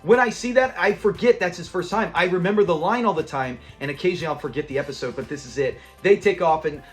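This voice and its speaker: High-voiced man animatedly recapping a sitcom. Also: fast talker, soft background music. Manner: animated retelling, laughs often, acts out the characters' lines. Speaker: TV episode reviewer. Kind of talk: casual episode recap.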